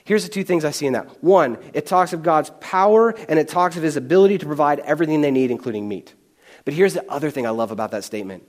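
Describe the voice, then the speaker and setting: A pastor preaching a sermon in a fairly high voice. He is animated and stumbles over repeated words as he goes. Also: fast talker.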